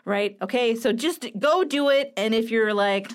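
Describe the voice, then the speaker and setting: Casual writing coach lady, chatty and playful, kinda high voice, talking from home. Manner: chatty and playful, quick asides. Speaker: writing coach and podcast host. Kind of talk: casual chat with book critique. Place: home room with a clicking heater.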